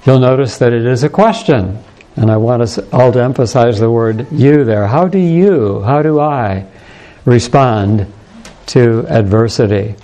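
Slow, mellow-voiced male pastor preaching. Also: mid-range voice. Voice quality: measured, deliberate delivery. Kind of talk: sermon with scripture reading.

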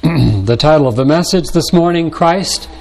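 An older man, a pastor, delivering a measured sermon to his congregation and pausing now and then to clear his throat. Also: on the high side, a little mellow, a little hiss or hum.

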